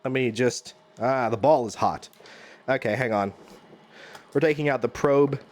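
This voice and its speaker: A man's voice: mid-range voice, measured pace. A man streaming live from his home kitchen, rambling and joking at his own expense while he cooks and talks to chat.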